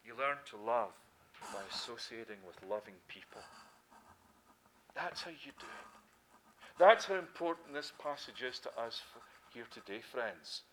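A man's voice: medium pitch, lively intonation, normal speed, fairly bright tone, a little hiss or hum. A middle-aged Scottish man preaching a sermon, emphatic, who asks questions and answers them himself. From Scotland.

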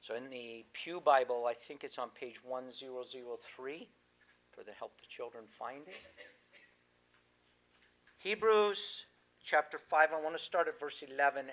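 A man's voice: mid-range voice, normal speed, a bit bright, poor audio. A man preaching a sermon, chatting easily with his congregation, then reading scripture aloud with rising emphasis. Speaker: pastor.

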